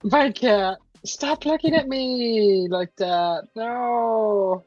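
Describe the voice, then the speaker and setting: Giggly slow-talking woman host. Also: a little high, a little mellow, dry recording, highs cut off, faint music behind. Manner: giggly, teasing back at co-hosts. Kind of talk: casual livestream chat. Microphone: earbud.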